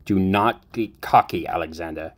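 Brief: stern talking sword, formal and admonishing, narrator's voice. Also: male voice, sits low, normal speed.

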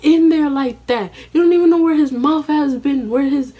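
A woman voicing a fed-up middle-aged mother who loudly berates a young woman with rapid, repeated questions. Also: high-pitched, pitched above the performer's own voice, close to an everyday voice. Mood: scolding. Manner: loud, berating, repetitive questions.

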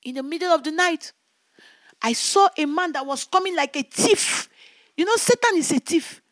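A woman's voice: very high voice, animated, normal speed, fairly bright tone, no room sound, clean studio sound. A woman evangelist giving a fervent testimony sermon, repeating her exclamations of praise.

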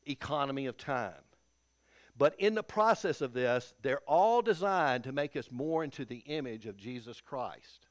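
A Texan man preaching a sermon in a church, folksy and storytelling, with a homespun ease. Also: on the high side. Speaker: pastor. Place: church sanctuary.

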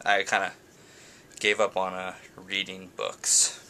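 A man's voice: deep voice, completely flat delivery, slow pace, pushed and bright, slight background noise. A young man chatting casually in a home video blog, rambling with restarts and little laughs. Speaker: vlogger. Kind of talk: casual vlog chat.

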